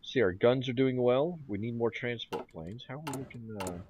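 A man's voice: medium pitch, moderate pace, a little mellow, lo-fi sound, a little hiss or hum. A man hosting a gaming channel, thinking aloud in casual commentary as he plays a strategy game. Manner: thinking aloud, mumbling and musing. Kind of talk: let's play commentary.

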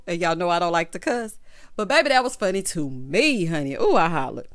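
A woman doing a casual, chatty recap of a reality show, sassy and full of "honey" and "baby," with loud bursts of laughter. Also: medium pitch, a little fast. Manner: animated, breaks into loud hollering laughs.

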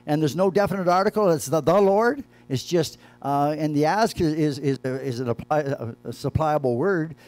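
A man preaching a sermon as the church's pastor, talking loosely with frequent restarts and repeated phrases, shifting between quiet asides and emphatic points. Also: on the high side, normal speed, few pauses.

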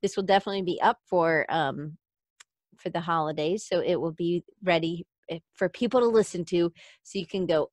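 A woman's voice: on the low side, moderate pace, dry recording. Chatty woman host, dry close sound. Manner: chatty, giggly, reads listener comments aloud. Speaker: podcast host. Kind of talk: casual interview chat.

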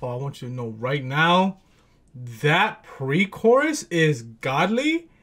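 A man casually reacting to a music video, excitable and slangy, with a groggy morning voice. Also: a little high, takes it slowly. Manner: excitable, slangy, peppered with "bro" and "gassed".

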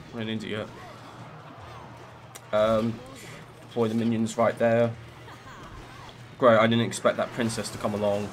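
Gameplay commentator, male, mid-pitched, chatty running play-by-play of his own match. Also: a little hiss or hum. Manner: chatty, narrates each move, self-critical asides.

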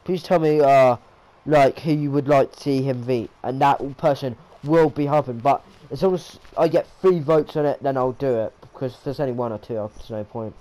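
A young man giving excitable play-by-play commentary on a wrestling video game, repeating his calls and tripping over his words. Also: mid-range voice, normal speed, rough recording.

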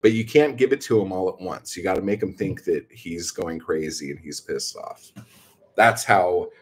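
A man's voice: sits low, moderate pace, slight background noise. A man chatting casually to viewers, telling rambling stories full of swearing. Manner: profane, rambling storytelling. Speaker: streamer.

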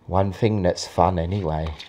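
A man's voice: deep voice, fairly even intonation, moderate pace, dark tone, slight background noise. A man filming a playful vlog in his indoor hallway, talking to himself as he goes. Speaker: YouTuber.

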